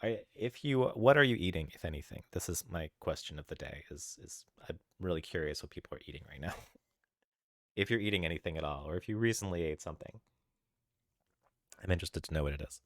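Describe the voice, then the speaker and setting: Speaking fast and animated in a voice that sits low, a man codes on a live stream, and the recording is dry with clean studio sound. He chats loosely with his audience, calls out chatters by name, and drifts off track easily, musing aloud while he looks things up.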